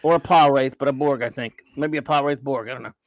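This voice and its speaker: A man's voice: mid-range voice, fairly even intonation, fast talker, no echo, studio quality. A man in casual chat as a podcast co-host, blunt and sarcastic.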